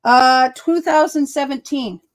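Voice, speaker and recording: Her voice sits high and runs a little slow as she hosts a laid-back crafting livestream. She has a Boston accent and tells stories in a meandering way, often correcting herself.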